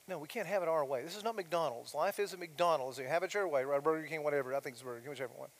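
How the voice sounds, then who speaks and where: A man's voice: on the high side, rapid-fire, hardly any pauses. A middle-aged man, preaching a sermon as a pastor in a conversational way, full of asides and rhetorical questions. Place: church sanctuary. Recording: long hall reverb of a church.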